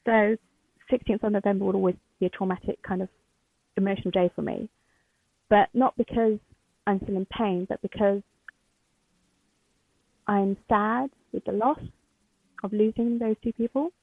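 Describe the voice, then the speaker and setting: A woman guest speaking candidly and emotionally, halting often with fillers. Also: medium pitch, steady tone, creaky, dry recording. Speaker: podcast guest. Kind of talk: candid interview. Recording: tinny phone-like line.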